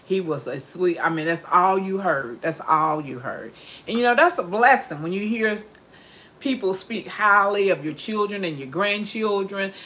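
A woman's voice: mid-range voice, lively intonation, moderate pace, sharp tone. Chatty older woman livestreaming. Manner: chatty, heartfelt, reads out viewer comments. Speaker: cooking livestreamer. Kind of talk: casual chat.

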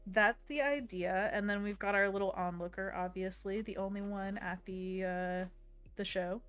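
A young woman with a Pacific Northwest American accent chats casually on an art livestream as she paints. She is bubbly and giggles often, with a medium-pitched voice. Soft music plays faintly underneath. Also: steady tone, moderate pace. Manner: bubbly, giggly, reads chat aloud. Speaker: livestream host and digital artist.

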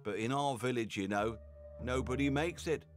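A man's voice: medium pitch, moderate pace, soft background music, voice pushed up, close to an everyday voice. A man voicing Sarunia, a dramatic village man who drags out his words for effect. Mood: explaining. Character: dramatic village man, old friend, sullen and pushy. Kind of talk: game voice acting.

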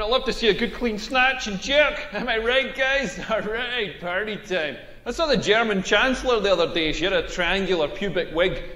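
A man with a Scottish accent playing a crude stand-up comedian performing his set in a game. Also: high voice. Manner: crude, brash deadpan punchlines. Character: brash crude male stand-up comic. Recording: echoey hall with long reverb.

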